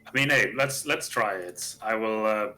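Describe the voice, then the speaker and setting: A man's voice: fairly low pitch, normal speed, sharp tone, soft background music, low-quality recording. A man playing a tabletop game, eagerly describing what his character tries. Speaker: player. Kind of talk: casual tabletop game play.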